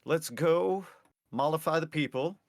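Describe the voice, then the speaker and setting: A man's voice: a little high, measured pace, creaky, no echo, studio quality. A man playing a tabletop game, speaking hesitantly with many fillers. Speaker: player. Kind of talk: tabletop role-play.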